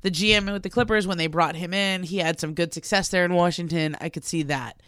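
A woman's voice: lowish voice, steady tone, a little fast, a bit bright, dry recording, clean studio sound. A woman co-hosting a casual sports talk show, often restarting her sentences as she thinks aloud. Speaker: co-host.

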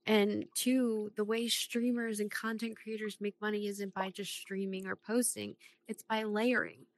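A woman's voice: medium pitch, measured pace, no room sound, poor audio. A woman guest on a podcast, chatting casually and explaining at length.

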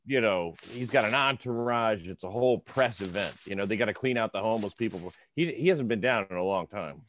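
A man, a comedian guest in a casual chat, making wry deadpan asides. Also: lowish voice, a little fast, slight background noise.

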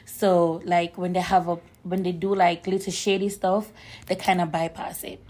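A woman co-hosting a podcast in casual chat, her voice hoarse from shouting, telling stories with lots of fillers. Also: fairly low pitch, normal speed. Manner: chatty, animated storyteller with frequent fillers. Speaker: podcast co-host.

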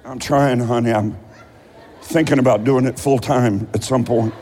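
A man's voice: medium pitch, steady tone, normal speed, darkish tone, long reverb tail, slight background noise. A man preaching a sermon as a pastor, telling stories in a conversational way.

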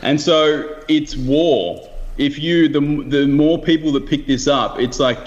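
A man's voice: fairly high pitch, a little slow, highs cut off. A man in a casual conversation, talking loosely and thinking aloud with asides and restarts.

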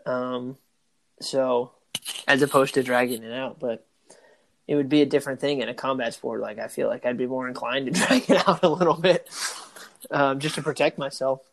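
A man's voice: medium pitch, fairly even intonation, moderate pace, gravelly, fairly bright tone, slight background noise. A man co-hosting a podcast, chatting casually in an easygoing, hesitant way. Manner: easygoing, hesitant, many fillers. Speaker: podcast co-host.

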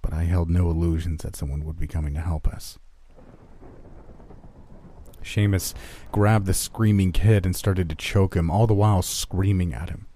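Deep-voiced man narrating a horror story. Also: normal speed, pauses often, warm tone. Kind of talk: first-person horror narration.

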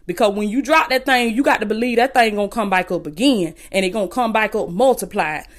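At a fast clip and medium pitch, a woman with a Southern Alabama accent preaches fervently on her home podcast. She's impassioned and repetitive, circling back to the same lines and calling her listeners "baby."

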